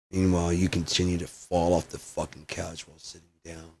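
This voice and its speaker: Brief: man with a lowish voice, ranting vlogger, swearing, loud bursts then mutters. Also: level tone, quick pace, a little hiss or hum. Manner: profane, swings from loud outbursts to muttering. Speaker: video blogger. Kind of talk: ranting personal monologue.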